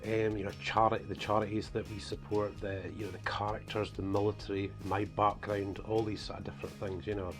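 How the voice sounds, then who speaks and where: A man's voice: fairly low pitch, little pitch movement, a little fast, hardly any pauses, over music. A man from northeast Scotland with a toned-down Scottish accent, an author and preacher talking casually to camera, rambling with lots of "you know" and "guys". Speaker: author and preacher presenting his book series.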